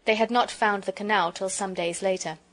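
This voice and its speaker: Gentle woman reading a storybook. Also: medium pitch, fairly even intonation, brisk. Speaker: audiobook narrator. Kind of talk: scripted storybook narration.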